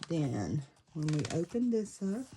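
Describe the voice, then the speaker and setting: Chatty woman, low and mellow. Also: sing-song, measured pace, a little hiss or hum, low-quality recording. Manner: chatty, thinking aloud, stops to fiddle with pieces. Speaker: paper craft creator. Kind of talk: casual craft flip-through.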